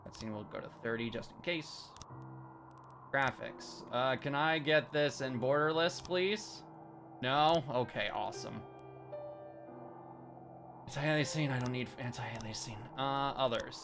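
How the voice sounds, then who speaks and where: Creaky-voiced man chatting over gameplay. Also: mid-range voice, a little slow, long pauses, over music. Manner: chatty, mutters while changing settings. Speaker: let's play gamer. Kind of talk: casual gameplay commentary.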